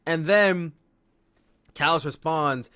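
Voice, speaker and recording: Excitable male podcast host, casual rambling recap, higher pitch, bright edge. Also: slow, clean tone. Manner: excitable, rambling, acts out quotes.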